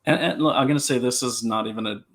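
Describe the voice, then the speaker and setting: This man speaks fast in a mid-range voice, a security consultant live streaming from home at his computer. Animated, he shares stories and safety tips, frequently restarting sentences by repeating his opening words.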